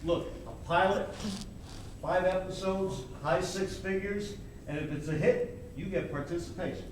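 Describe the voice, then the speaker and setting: A man's voice: sits high, a little slow, background noise. A man playing a pushy wisecracking Hollywood agent. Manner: pushy, wisecracking salesman patter. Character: brash fast-talking male Hollywood agent. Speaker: stage actor. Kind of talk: live amateur stage play. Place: theater stage. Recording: echoey stage from far off.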